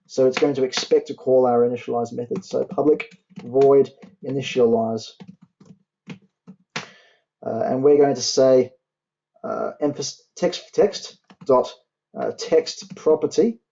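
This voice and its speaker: A young man tutoring a university class, walking through code as he types and spelling out syntax slowly, with keyboard clicks behind him. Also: medium pitch, steady tone, creaky, warm tone, highs cut off. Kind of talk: coding tutorial.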